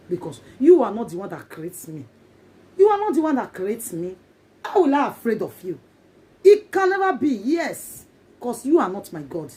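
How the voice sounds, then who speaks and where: A vlogger with a Nigerian accent talks casually to her viewers in Pidgin English, emphatic and often repeating herself. Her voice is warm and medium-pitched, with a little hiss or hum in the background.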